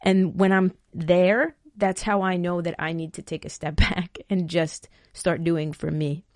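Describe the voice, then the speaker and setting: A woman's voice: lowish voice, little pitch movement, unhurried, a little mellow, no room sound, clean studio sound. A woman hosting a podcast, answering listener questions in casual, blunt talk, swearing freely and repeating words as she gets fired up.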